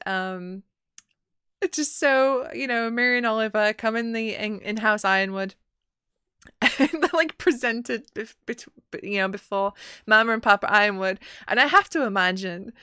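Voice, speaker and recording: A woman's voice: medium pitch, clear, resonant tone, no echo, clean studio sound. A woman game master casually recapping a session, animatedly acting out the characters. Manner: animated, acts out characters in quick voices.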